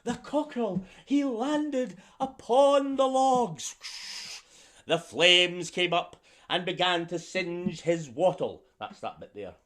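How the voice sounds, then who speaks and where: A man's voice: high-pitched, expressive, slow, a bit bright. A man telling a story to children, theatrical and drawing the listeners in to join along. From Scotland. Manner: theatrical, asks the young audience to join in.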